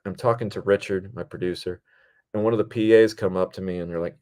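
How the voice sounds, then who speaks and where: A man with a very low, deep voice tells stories from a film set in an easygoing, rambling manner. He often jumps higher and louder to act out what people said, then drops back to his relaxed, talky pace. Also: quick pace. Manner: rambling and animated, acts out quotes in higher voices. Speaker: podcast host and film director. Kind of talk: casual storytelling monologue.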